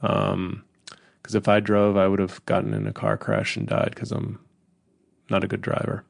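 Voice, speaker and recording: Gravelly rambling comedian. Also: male voice, on the low side, completely flat delivery, moderate pace, no echo, clean studio sound. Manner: rambling, profane, sardonic. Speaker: comedian podcast host. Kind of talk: casual solo podcast monologue.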